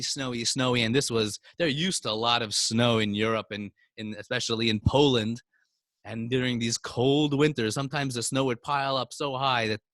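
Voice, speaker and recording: In an online class, a male teacher tells Hasidic stories to children, his delivery animated and full of sudden pitch swings. The recording is clean studio sound with no echo.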